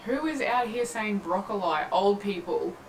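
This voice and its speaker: A woman's voice: medium pitch, a little fast, fairly bright tone, faint music behind. A woman with an Australian accent answering viewer questions in a dry, sarcastic comedic vlog. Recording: roomy recording with faint ambience.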